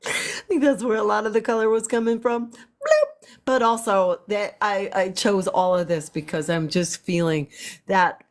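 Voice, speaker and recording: A woman's voice: mid-range voice, fairly even intonation, normal speed. A woman talking casually on a spiritual livestream as an artist and healer, meandering and repeating phrases with frequent ums.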